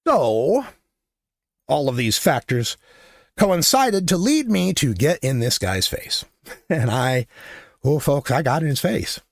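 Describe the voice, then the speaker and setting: An older man hosting his own show, telling a story in a profane, impassioned political monologue that builds to loud shouting. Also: a little high, sing-song, slow, creaky, pauses often, dry recording, clean studio sound. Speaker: show host.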